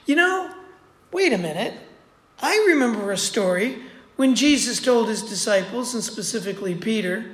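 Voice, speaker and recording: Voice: medium pitch, lively intonation, normal speed, fairly bright tone. A preacher giving a sermon in a conversational way, repeating points for emphasis. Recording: roomy echo.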